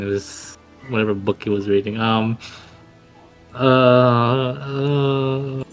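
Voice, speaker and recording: A man's voice: mid-range voice, level tone, takes it slowly, soft background music. A man playing in a tabletop game, joking around and often hesitating. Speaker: player.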